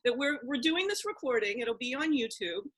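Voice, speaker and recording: A woman from Philadelphia hosts a relaxed chat over a video call. Her voice sits high and rings bright, and she talks animatedly, tumbling through restarts and side remarks. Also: fairly quick. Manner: animated, excitable, frequent restarts and asides. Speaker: host. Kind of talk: casual video-call conversation.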